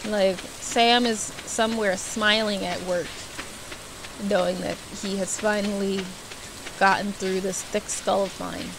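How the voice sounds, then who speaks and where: A young adult woman streaming a video game, chatting casually and rambling, playfully yelling at enemies. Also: mid-range voice, fairly even intonation, slow, gravelly, background noise. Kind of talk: casual gameplay commentary. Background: game music.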